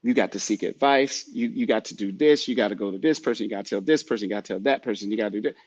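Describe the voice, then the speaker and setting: A man's voice: lowish voice, very fast, darkish tone, slightly rough. Man, motivational podcast host, preachy and repetitive, muffled lo-fi recording. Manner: preachy, repetitive, urging the listener directly.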